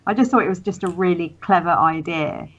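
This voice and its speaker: A woman's voice: fairly low pitch, brisk, muffled recording, a little hiss or hum. A woman in a casual review chat, chatty and hesitant.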